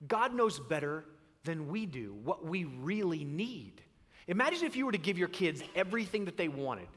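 Animated, bright-voiced male preacher. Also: on the high side, brisk, long reverb tail. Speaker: pastor. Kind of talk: sermon with comic storytelling.

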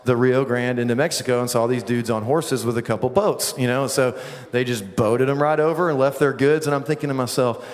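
A man preaching a sermon, mixing prayer with funny, self-deprecating stories and quick asides to the congregation. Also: medium pitch, steady tone, long reverb tail. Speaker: pastor. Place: large church auditorium.

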